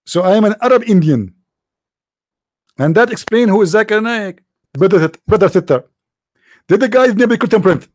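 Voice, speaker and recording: Reading off a screen, this Arabic-accented man, an online religious commentator who isn't a native English speaker, delivers a sarcastic, disbelieving monologue that mocks its subject and includes imitated sneezes. He has a high, expressive voice, a moderate pace, and pauses often. The recording is dry and studio-clean.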